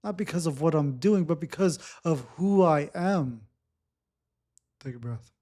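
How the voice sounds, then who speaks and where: A man leading a guided breathwork session, speaking gently and repeating his cues. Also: fairly high pitch. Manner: slow, repetitive, gently instructive. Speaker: breathwork facilitator.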